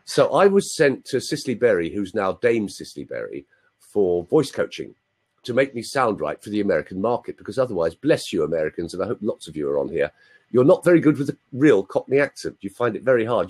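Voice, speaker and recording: A man's voice: fairly low pitch, sing-song, quick pace, darkish tone, slightly rough. A man in his sixties from London, with a London accent, telling stories in a chatty, playful way as a guest on a live video chat. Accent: London English. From London, England. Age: 60s. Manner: chatty, playful, asks listeners for confirmation.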